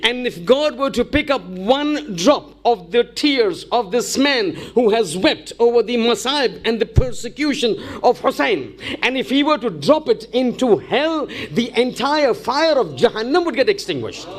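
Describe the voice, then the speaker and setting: A man's voice: very high voice, sing-song, unhurried, few pauses. A man preaching a religious lecture, telling a story and driving it home with repeated rhetorical questions. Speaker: Islamic preacher.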